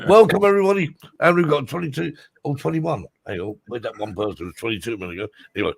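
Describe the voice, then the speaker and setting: Gravelly man hosting a livestream. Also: medium pitch, racing, dry recording. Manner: chatty, jokey, greets viewers by name. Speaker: livestream host. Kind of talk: casual live-stream chat.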